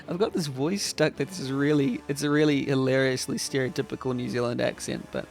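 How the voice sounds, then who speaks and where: A man's voice: mid-range voice, fairly even intonation, normal speed, vocal fry, soft background music. A man judging a game jam on a livestream, making amused, self-deprecating asides while playing. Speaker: game jam judge streaming a playthrough. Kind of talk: casual let's play commentary.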